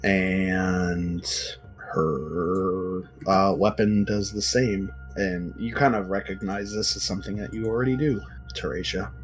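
A man narrating as game master of a tabletop game, casual and halting. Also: low voice, steady tone, soft background music, rough recording.

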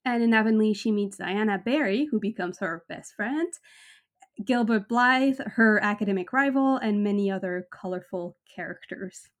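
A woman hosting a casual podcast chat, reading book extracts aloud with lively expression and laughing often. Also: mid-range voice, moderate pace. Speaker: podcast host.

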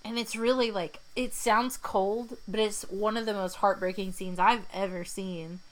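A woman's voice: medium pitch, fairly even intonation, unhurried, rough recording. Chatty woman retelling a movie. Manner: chatty, retells scenes in quoted voices. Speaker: podcast co-host. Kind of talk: casual movie recap chat.

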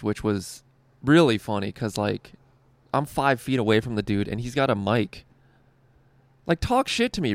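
A man's voice: medium pitch, no room sound. A young man, a stand-up comedian, telling a rambling, profane story with frequent "like" and laughter. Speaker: stand-up comedian and show co-host. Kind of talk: casual storytelling.

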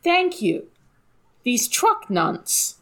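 A man doing a slow, stiff news anchor. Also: very high voice, huge pitch swings, bright, forceful tone, heavily acted. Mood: mock-serious. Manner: measured newsreader delivery.

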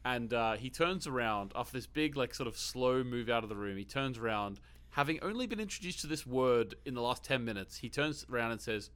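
A man with an Australian accent co-hosting a casual movie podcast, telling stories with quick asides and laughs. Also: mid-range voice, expressive, fairly bright tone, clean tone. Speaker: podcast co-host.

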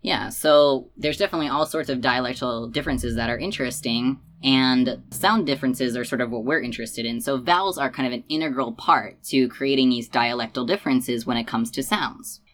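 A woman hosting a casual educational podcast, explaining things patiently and stretching words slowly to demonstrate sounds. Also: a bass voice, slight background noise. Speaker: podcast host.

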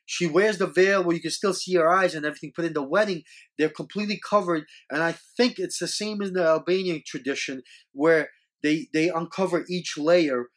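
A man's voice: on the high side, fairly even intonation, a little fast. A man hosting a show, talking casually and earnestly with many restarts, scolding as he goes. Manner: rambling, repeats words, scolding and earnest. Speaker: podcast host. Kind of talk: casual opinion monologue.

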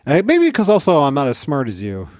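A man co-hosting a podcast, trading deadpan, self-mocking jokes in casual chat. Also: on the high side, brisk, dry recording, studio quality. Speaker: podcast co-host.

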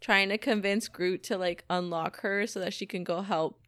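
A woman's voice: medium pitch, steady tone, moderate pace, a bit bright, no echo. A woman guest on a casual movie podcast, giggly and hesitant, searching for words.

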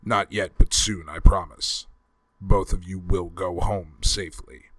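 A tough, protective soldier, voiced by a man reading aloud, talking in a deep, low voice. He is firm and reassuring. The recording is dry and close, like an audiobook. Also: fairly even intonation, a little slow, no echo. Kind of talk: audiobook character voice.

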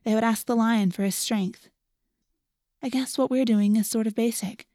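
A woman voicing a gentle, thoughtful teenage girl who speaks softly and reflectively. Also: on the high side, fairly even intonation, moderate pace, dry recording, clean studio sound, pitched above the performer's own voice, close to an everyday voice. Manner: soft, hushed and reflective.

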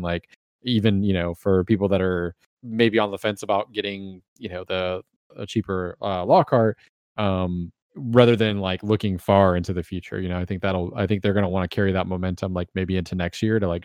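A man with a fairly low voice hosts a casual podcast chat. He rambles loosely, thinking out loud as he goes, in a dry, close recording. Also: no echo. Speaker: podcast host.

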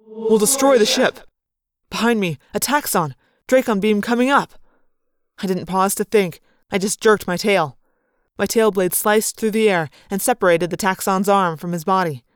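A woman's voice: medium pitch, moderate pace, smooth, no room sound, clean studio sound. A woman reading a sci-fi novel aloud in first person, narrating with dramatic, vivid storytelling. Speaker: audiobook narrator.

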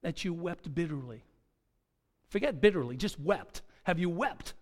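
A man's voice: fairly high pitch, animated, measured pace. A man preaching a sermon, dramatic, asking rhetorical questions and acting out quoted dialogue. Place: church sanctuary. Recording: long hall reverb.

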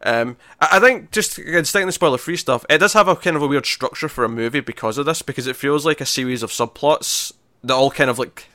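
A man co-hosting a casual podcast about films, teasing his friends and quick to counter their points. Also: mid-range voice, bright, forceful tone, dry recording, clean studio sound. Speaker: podcast co-host. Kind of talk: casual film-discussion chat.

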